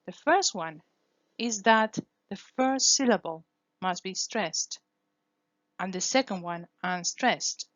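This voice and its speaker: A woman's voice: medium pitch, expressive, slow, a bit bright, dry recording, dull audio. A woman whose first language is Spanish, teaching English phonetics in a careful lesson, repeating each sound to demonstrate it. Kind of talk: scripted lesson.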